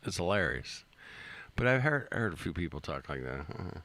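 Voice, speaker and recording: A man's voice: sits low, sing-song, moderate pace, bright, forceful tone. A man hosting a stream, giving laid-back, slangy reaction commentary and talking back to the clips he plays.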